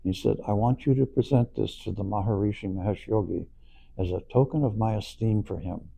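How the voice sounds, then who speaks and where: A man telling a story in a casual, animated way, acting out quoted voices and chuckling along. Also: on the low side, a little fast, vocal fry, husky. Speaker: storyteller recalling past events. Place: auditorium, on stage.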